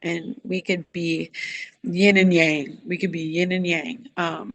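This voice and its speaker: Woman coach, interview guest; bright, tense tone, earnest and reflective. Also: lowish voice, flat delivery, slow. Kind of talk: heartfelt interview answers.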